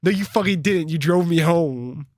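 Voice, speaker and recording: A man's voice: a little high, normal speed, a little mellow, no echo. Defensive, exasperated young man, dry sound. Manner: defensive, exasperated, swearing and laughing. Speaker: podcast co-host. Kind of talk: casual chat.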